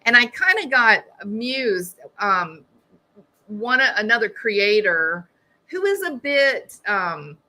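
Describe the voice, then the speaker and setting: A woman's voice: on the high side, very animated, slow pace, sharp tone. A middle-aged woman hosting a true crime live stream, chatting casually, reading viewer comments and laughing at her own jokes.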